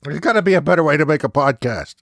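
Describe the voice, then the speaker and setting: A man hosting a comedy podcast, rambling in a self-mocking, excitable way and laughing often. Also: on the high side, fast, creaky, dry recording, studio quality.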